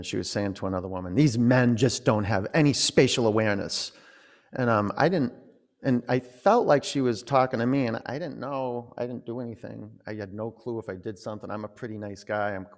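Man, yoga teacher, relaxed rambling, pose cues, low voice, long hall reverb. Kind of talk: guiding a yoga class with chatty asides.

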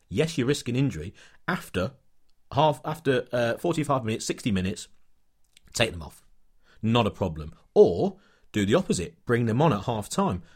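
A man on a podcast, telling an animated, ranting story in casual chat. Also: on the low side, husky. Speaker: podcast co-host.

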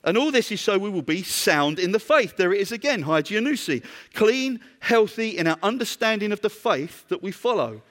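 British male preacher, higher voice, chatty sermon, hall reverb, asks the room questions. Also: big pitch swings, moderate pace, hardly any pauses, fairly bright tone. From Britain. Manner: conversational, asks the congregation questions.

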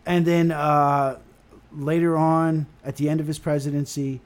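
A man in a casual podcast chat, talking about conspiracies with lots of swearing and halting restarts. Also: on the high side, flat delivery.

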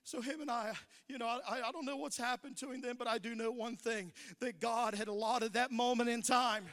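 A middle-aged man preaching a sermon, telling stories that build into shouted preaching. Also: very high voice, fairly even intonation, normal speed, long reverb tail. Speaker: pastor.

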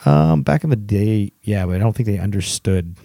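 Low-voiced man rambling on a podcast. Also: lively intonation, normal speed, gravelly, warm tone, dry recording, clean studio sound. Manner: rambling, enthusiastic, crude jokes. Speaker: podcast co-host. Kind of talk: casual chat.

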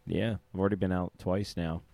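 Podcast co-host, man, low voice, laid-back slang, dry sound. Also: level tone, brisk, gravelly, dark tone, no room sound. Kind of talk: casual chat.

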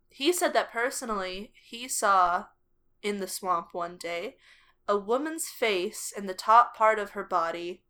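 A woman co-hosting a podcast, telling a story in casual chat, animated and laughing often. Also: medium pitch. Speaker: podcast co-host.

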